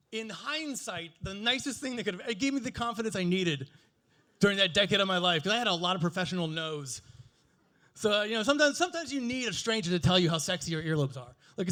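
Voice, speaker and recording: A man's voice: sits high, sharp tone. A man in his forties doing a stand-up comedy set, crude, playful and self-mocking as he riffs with the audience. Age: 40s.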